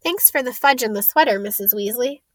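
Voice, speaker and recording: A modest young schoolboy speaks quietly and plainly, as a woman reads his lines. He sounds earnest and polite. The recording is close and dry. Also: on the high side, fairly quick, dry recording, close to an everyday voice.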